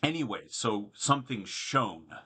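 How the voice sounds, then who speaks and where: A man teaching a Latin poem in a casual spoken lesson, explaining in an easygoing way and thinking aloud with pauses. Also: on the low side, big pitch swings, bright, forceful tone, husky. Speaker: Latin and Greek tutor.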